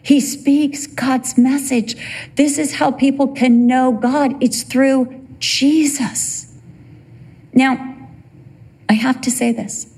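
Husky-voiced woman preacher, expressive. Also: sits high, takes it slowly, long pauses. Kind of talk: sermon.

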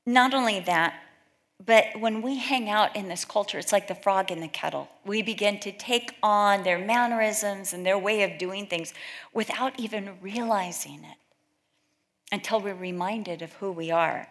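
A woman's voice: mid-range voice, normal speed, fairly bright tone. Chatty woman telling stories at a Bible study. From California. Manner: chatty storytelling, acts out quoted voices. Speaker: women's Bible study speaker. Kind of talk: informal sermon with anecdotes.

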